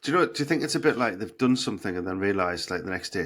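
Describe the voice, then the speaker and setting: Northern Irish male co-host, low-pitched, expressive, easygoing banter. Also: very fast. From Northern Ireland. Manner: laid-back, swears casually, dry humour. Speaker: podcast co-host. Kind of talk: casual chat.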